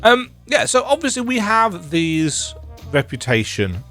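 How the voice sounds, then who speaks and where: Jokey, lively gamer man over game music. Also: high voice, measured pace. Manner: self-deprecating and jokey. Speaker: video game streamer. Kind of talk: casual let's-play commentary.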